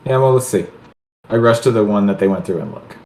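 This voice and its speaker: A man's voice: fairly low pitch, quick pace, dark tone. A man playing in a tabletop game, hesitant and chuckling as he thinks aloud. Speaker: player. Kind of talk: casual tabletop play. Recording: echoey room.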